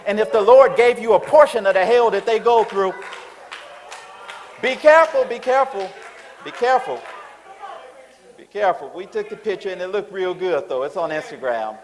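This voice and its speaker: A man preaching a sermon, animated and colloquial, telling stories to the congregation. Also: extremely high pitch, poor audio.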